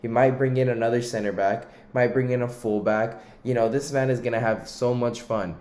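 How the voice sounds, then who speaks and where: A young man, ranting casually about football in a heated, animated way. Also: mid-range voice, fairly quick, roomy sound. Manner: animated, ranting, uses "mate" and "lad". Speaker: football commentator. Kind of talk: casual opinion rant.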